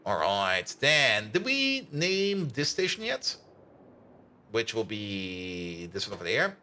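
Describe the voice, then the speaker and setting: Lively German-accented streamer, bright voice. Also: male voice, fairly low pitch, slow. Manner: chatty, answers chat, hums and laughs while playing. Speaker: game streamer. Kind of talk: casual live-stream commentary.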